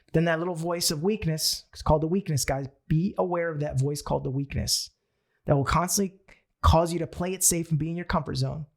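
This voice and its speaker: A young man giving a motivational sales training talk, telling stories in an animated, playful way. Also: fairly high pitch, a little fast, gravelly. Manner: animated storyteller who acts out his own thoughts. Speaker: network marketing trainer.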